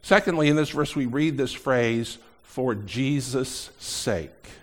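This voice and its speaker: Speaking slowly, a middle-aged pastor gives an animated sermon in a medium-pitched voice, shifting back and forth between booming emphasis and hushed asides.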